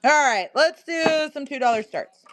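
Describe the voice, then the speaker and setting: A woman's voice: high-pitched, expressive, normal speed, over music. Giggly woman hosting a live sale stream. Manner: giggly and chatty, laughs often, talks to viewers and her pet. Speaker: live-stream seller and host. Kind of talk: casual live-stream chat.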